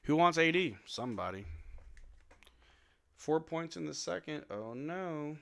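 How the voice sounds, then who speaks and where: A man hosting a late-night live stream watch-along, calling plays in a casual way and swinging between flat dismay and sudden shouts while he is sleepy. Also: fairly high pitch, a little slow, gravelly, no room sound. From New Zealand. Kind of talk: casual play-by-play and chat.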